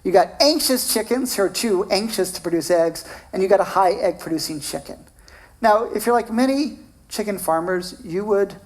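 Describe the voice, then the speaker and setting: A middle-aged man giving a keynote lecture as a professor, telling personal anecdotes with animated delivery. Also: creaky. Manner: animated storytelling, acts out quoted voices with big pitch jumps.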